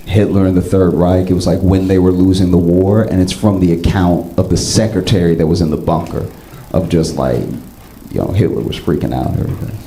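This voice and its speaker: Low-voiced man doing animated stand-up. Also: brisk, reverberant, slight background noise, low-quality recording. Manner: animated storytelling, jumps up high into excited bits. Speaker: stand-up comedian. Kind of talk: stand-up comedy set.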